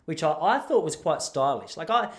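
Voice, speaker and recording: Young Aussie host, casual yarn-spinner, self-mocking, many restarts. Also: male voice, a little high, big pitch swings, normal speed. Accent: Australian. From Traralgon, Gippsland, Australia. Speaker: podcast host. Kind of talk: casual storytelling.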